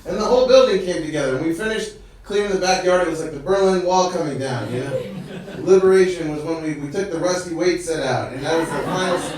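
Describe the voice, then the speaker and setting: A male comedian telling a story on stage in an animated way, acting out the other people's voices. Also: high-pitched. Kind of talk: stand-up storytelling. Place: stage in a hall. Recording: echoey hall, distant mic.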